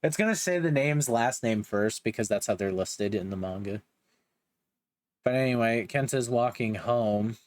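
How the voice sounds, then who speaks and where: A man's voice: mid-range voice, lively intonation, moderate pace. A young man giving a casual, joking recap of a manga, with slangy asides. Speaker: manga reviewer.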